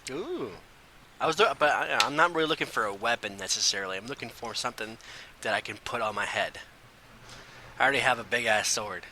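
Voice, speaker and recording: A man's voice: medium pitch, expressive, fairly quick, sharp tone, slight background noise. A man playing in a tabletop game, joking and playful. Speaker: player. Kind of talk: casual tabletop play.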